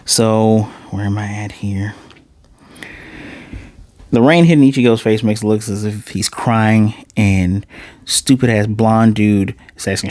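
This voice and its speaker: Animated man recapping an anime episode. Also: lowish voice, a little slow, no room sound, clean studio sound. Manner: animated, swears casually, restarts phrases. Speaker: anime reviewer.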